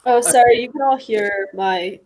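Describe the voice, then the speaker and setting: Higher-pitched woman playing a tabletop game. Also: moderate pace, a little mellow, low-quality recording. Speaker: player. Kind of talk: casual tabletop game play. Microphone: tablet over a voice call.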